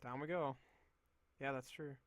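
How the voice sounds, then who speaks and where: A man's voice: mid-range voice, steady tone, a little slow, a little hiss or hum. A young man streaming a game, chatting casually in a rambling, amused way full of fillers. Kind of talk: casual gameplay chat.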